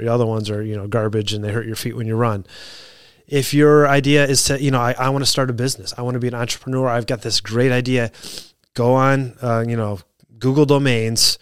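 A man's voice: medium pitch, clear, resonant tone, no echo, studio quality. A man, a fire officer, giving an earnest motivational talk built on stories from training new firefighters, often restarting his sentences. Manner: earnest, repeats and restarts, gets heated retelling.

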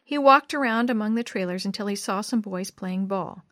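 A woman narrating a storybook in a measured, expressive way. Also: mid-range voice, dry recording, studio quality. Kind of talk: storybook reading.

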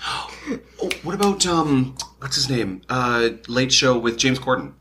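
A man's voice: mid-range voice, very animated, takes it slowly, sharp tone, a little hiss or hum. A man co-hosting a podcast in casual chat, rambling and fumbling for names, swearing casually. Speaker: podcast co-host.

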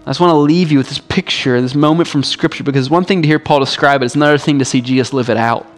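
A male pastor delivering a sermon in a relaxed, conversational way, often dropping in "like" as he speaks. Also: medium pitch, racing, soft background music. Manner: casual, conversational preaching with frequent "like".

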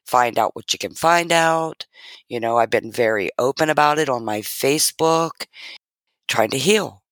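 Bright-voiced middle-aged woman telling her story. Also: a bass voice, measured pace, no room sound. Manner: earnest, heartfelt, acts out quoted dialogue. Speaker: guest sharing her story. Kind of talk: personal storytelling.

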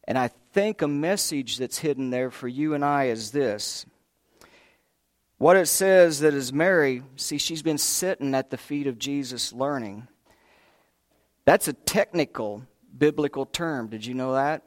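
A man preaching a sermon in an animated, conversational way, often rising in emphasis. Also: medium pitch, unhurried, no echo, studio quality.

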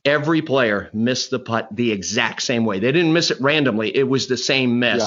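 A man's voice: mid-range voice, normal speed, fairly bright tone, muffled recording. A middle-aged man, a golf instructor, telling rambling anecdotes in a podcast conversation, often restarting and acting out quotes. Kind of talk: conversational storytelling interview.

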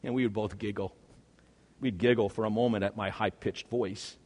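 Earnest preacher in a reverberant hall. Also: male voice, on the low side, steady tone, moderate pace, breathy edge. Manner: earnest, swings between hushed and loud. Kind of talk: first-person dramatic monologue sermon.

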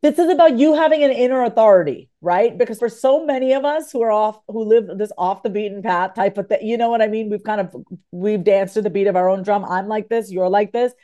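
A woman speaks with a warm, mellow tone, pressing her points with energy. She often repeats a phrase to drive it home, as a guest author in a relaxed podcast chat. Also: medium pitch, quick pace, few pauses. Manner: animated, emphatic, repeats phrases for emphasis. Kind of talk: podcast conversation.

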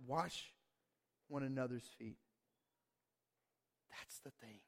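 A man's voice: medium pitch, slow, gravelly, pauses often. A male pastor preaching a sermon, calling out to the congregation and pressing his points with emphasis. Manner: emphatic, call-and-response with the congregation. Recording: reverberant church hall.

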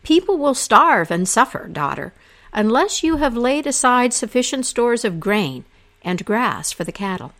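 A woman voicing an old male sky god, a patient father speaking in a measured, weighty way. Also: a little high, big pitch swings, fairly bright tone, voice pushed up, exaggerated voice.

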